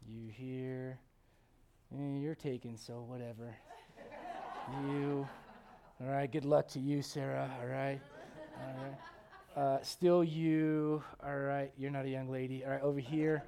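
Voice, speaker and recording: A middle-aged man preaching a sermon to a congregation, animated and joking with the crowd, quoting God and people in playful voices. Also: mid-range voice, gravelly, slight background noise. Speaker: pastor. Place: church.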